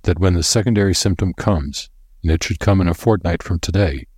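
A man with a low, husky voice voicing a firm, patient research doctor in an audiobook. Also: a little fast, a little mellow, no echo, studio quality. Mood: grave.

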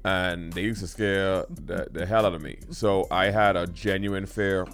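A man co-hosting a casual morning show, wry and joking, talking in an animated way. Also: low-pitched, a little slow, faint music behind. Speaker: co-host. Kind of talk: casual chat.

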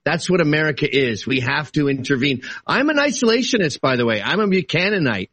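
A man debating politics on a talk show, his pitch leaping up and down as he argues. His voice sits a touch high for a man and sounds dry and close. He talks casually, then suddenly exclaims to drive a point home. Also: brisk, breathy edge, dry recording. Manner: animated, argumentative, swings between casual and exclaiming. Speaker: political guest.

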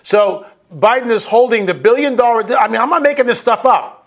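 A man's voice: very high voice, brisk. A man giving an indignant, emphatic political commentary over video clips.

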